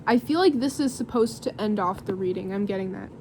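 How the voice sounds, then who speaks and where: A woman's voice: medium pitch, fairly quick, a little mellow, slight background noise. A young woman doing a casual tarot reading to camera, rambling and giggly with lots of fillers. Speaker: tarot reader.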